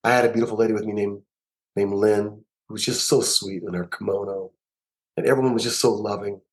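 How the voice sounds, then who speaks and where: Animated male musician telling stories. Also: on the low side, brisk, rough recording. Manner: animated, emphatic, repeats words as he tells stories. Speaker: musician and producer guest. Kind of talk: storytelling interview.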